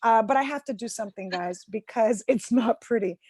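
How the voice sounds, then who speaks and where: A woman in her forties performs stand-up from home over a video call, her voice sitting a little high. She mocks herself, acts out other people's lines and shouts her punchlines. The sound is close and dry, with no room around it. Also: a little fast, slightly rough, no room sound. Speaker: stand-up comedian.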